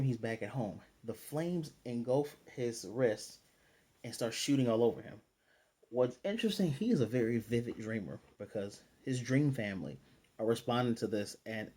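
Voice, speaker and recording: A man's voice: mid-range voice, mellow, slightly rough. A man giving a casual, conversational recap and review of an anime episode, retelling scenes with loosely paraphrased character lines and lots of fillers. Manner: loose filler-heavy delivery with restarts.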